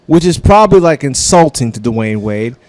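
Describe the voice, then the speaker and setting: A man hosts a comedy radio show, ranting about sports in a loose, profane way like a diehard fan. His voice sits at an ordinary middle pitch and sounds close and dry, with no room around it. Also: big pitch swings, moderate pace, darkish tone, dry recording. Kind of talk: casual sports rant.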